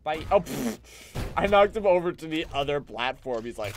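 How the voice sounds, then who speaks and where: A man's voice: normal speed, slight background noise. A man casually commenting on a game he plays on stream, rambling and joking as he goes. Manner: rambling, jokey, puts on silly high voices for clone banter.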